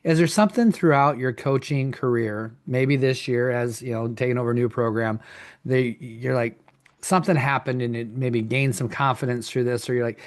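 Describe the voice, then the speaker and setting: A man's voice: medium pitch, moderate pace. A man hosting a wrestling podcast, asking long rambling questions and trading coaching stories. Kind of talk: casual interview chat.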